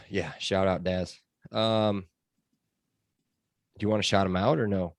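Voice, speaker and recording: A man with a very low voice hosts a casual sports podcast. He talks in a chatty, loose way with plenty of fillers. The sound is dry and close. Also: fairly even intonation, slow, no echo. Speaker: podcast host.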